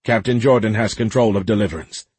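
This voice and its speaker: Man doing a calm ship AI, low husky voice, flat and even, storybook reading. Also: fast, no room sound. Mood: matter-of-fact. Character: calm ship AI, male-voiced, matter-of-fact.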